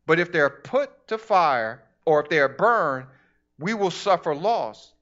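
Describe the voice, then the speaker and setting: A man preaches to his church in a relaxed, conversational way. He drifts into acted-out asides as he talks. The recording sounds dull and muffled. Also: fairly high pitch, a little slow. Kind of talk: sermon.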